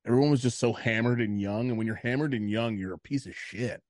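A man's voice: medium pitch, fast talker, darkish tone, dry recording, clean studio sound. A man co-hosting a podcast, telling stories casually with lots of swearing and acted-out quotes. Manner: profane storytelling, acts out quotes. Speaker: podcast co-host. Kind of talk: casual chat.

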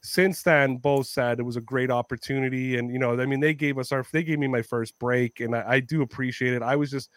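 A man hosting a podcast, telling stories in a lively, profane way and often laughing. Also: mid-range voice, a little fast, few pauses, no room sound, studio quality. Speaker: podcast host. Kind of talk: casual storytelling chat.

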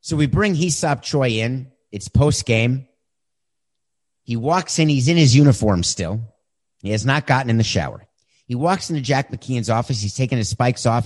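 A man in his fifties hosting a podcast, answering listener questions in a direct, conversational way and telling stories. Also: mid-range voice. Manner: direct, conversational, animated when retelling. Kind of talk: casual storytelling.

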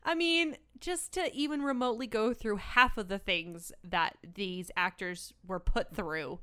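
A woman co-hosting a podcast, chatting casually about a film in an animated way, with frequent exclamations and laughter. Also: medium pitch, a little slow, smooth. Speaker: podcast co-host. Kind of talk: casual film-review chat.

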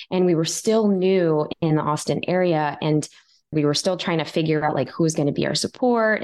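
Lively storytelling woman, lowish voice. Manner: animated, acts out her own quoted lines. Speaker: guest author. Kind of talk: storytelling in a podcast interview.

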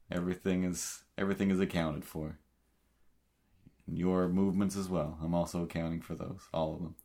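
A man's voice: low voice, darkish tone. A man with a Cape Breton accent co-hosting a podcast in casual chat, rambling with many fillers and restarts. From Cape Breton, Canada. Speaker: podcast co-host.

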